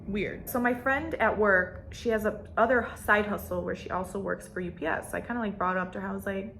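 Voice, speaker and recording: Bright-voiced woman in her twenties, slangy storytime. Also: medium pitch, brisk, a little hiss or hum. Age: 20s. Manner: animated, slangy, swears freely, many fillers; mimics the people in her story. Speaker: vlogger. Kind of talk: get-ready-with-me storytime chat.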